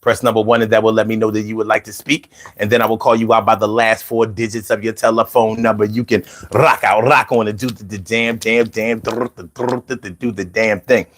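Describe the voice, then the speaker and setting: A man hosting a casual call-in show, animated and playful, chanting lines rhythmically and chatting with viewers. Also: fairly low pitch, a little fast, hardly any pauses. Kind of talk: casual livestream talk.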